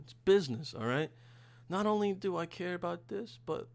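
A young man with a notably high voice talks through a loose, rambling solo podcast. He swears constantly and now and then flares up into loud outbursts. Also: lively intonation, brisk. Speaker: podcast host. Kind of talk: casual solo podcast rant.

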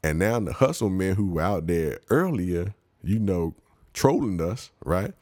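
A man casually telling a travel story in a slangy, animated way, laughing often and acting out the people he met. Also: sits low, unhurried, no echo, studio quality. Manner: slangy, conversational.

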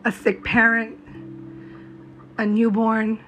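Blunt, slow-talking woman with faint music. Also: fairly high pitch, level tone, fairly bright tone. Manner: blunt, profane, encouraging, slow emphatic phrasing. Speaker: mom vlogger. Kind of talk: heartfelt monologue to camera. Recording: slightly dull lo-fi recording with faint music behind.

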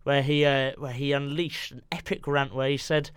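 A man co-hosting a casual football podcast in a studio, hesitant with many uhs and deadpan jokes. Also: mid-range voice, normal speed, clean tone, dry recording. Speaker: podcast co-host.

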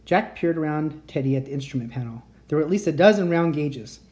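A woman reading a children's chapter book aloud as a bedtime story, with lively storytelling. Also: fairly quick. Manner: lively storytelling, raising pitch for shouted lines. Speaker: reader.

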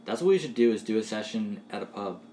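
A man co-hosting a podcast in casual chat, playful and quick to slip into little character voices. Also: lowish voice, expressive, dark tone, slight background noise. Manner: chatty, laughing, quick to act out little quoted voices. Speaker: podcast co-host and game master. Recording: roomy echoey room.

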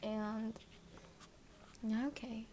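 A young woman with a fairly high voice tells a personal story in a loose, casual way. She swears a lot, fills gaps with fillers, and often sinks into a hushed whisper. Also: fairly even intonation, drawn-out words, heavy background noise.

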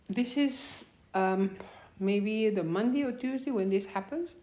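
Woman, interviewee, personal storytelling, middle-pitched voice, plays out the dialogue, laughs a lot. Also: moderate pace, hardly any pauses. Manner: animated, acts out quoted dialogue; laughs often while telling.

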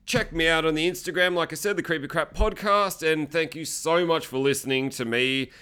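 A man's voice: a little high, a little fast, pushed and bright, smooth. A young Australian man hosting his own podcast, reviewing a film in a rambling, casual way full of "like". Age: young adult. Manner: rambling, heavy use of "like". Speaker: podcast host. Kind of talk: casual solo movie review.

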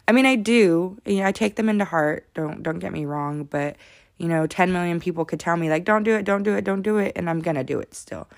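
A woman in her thirties talking candidly to camera as she answers follower questions, emotional and sometimes close to tears, with lots of fillers. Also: lowish voice. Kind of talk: casual confessional talk to camera.

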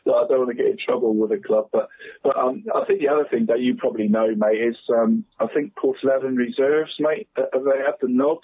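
A man's voice: medium pitch, fast. A man chatting about local football on the radio, rambling, laughing often and calling everyone "mate". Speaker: regular football pundit. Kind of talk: casual radio chat. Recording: husky voice over a tinny phone line.

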